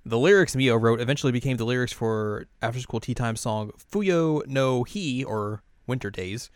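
A man's voice: mid-range voice, normal speed, clear, resonant tone, dry recording, clean studio sound. A man hosting a podcast, chatting through an episode recap with fillers and laughs. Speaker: podcast host.

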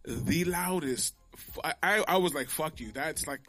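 A man's voice: a little high, unhurried, sharp tone, faint music behind. A man in casual chat, swearing and joking with a friend. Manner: profane, joking banter.

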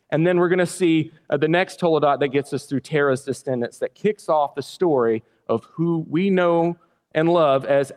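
A man's voice: fairly high pitch, long reverb tail. A male pastor preaching a sermon in a church, casual and conversational, with joking asides to the congregation.

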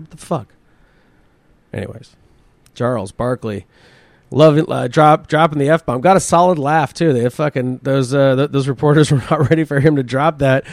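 A man's voice: mid-range voice, no echo. A man hosting his own comedy podcast, rambling and swearing freely as he riffs on news stories and his week. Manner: crude, rambling, swears often, laughs at himself. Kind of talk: casual solo podcast commentary.

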